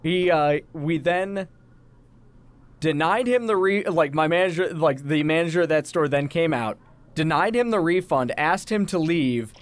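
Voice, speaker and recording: A man's voice: a little high, unhurried. A man co-hosting a gaming show, casually telling a rambling anecdote to his co-host. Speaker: co-host of a let's play channel. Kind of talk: casual gaming chat, storytelling.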